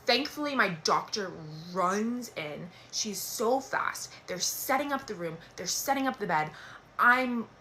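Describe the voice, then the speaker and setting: A young woman telling a dramatic personal story in a casual storytime, animated and swearing freely. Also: fairly high pitch, unhurried, slight background noise.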